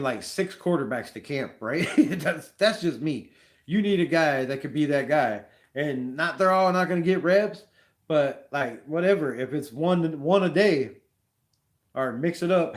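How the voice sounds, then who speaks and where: A man hosting a casual live sports talk stream, rambling and animated, peppering his talk with slang. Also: on the high side. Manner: rambling, animated, says "bro" a lot. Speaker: fan show host.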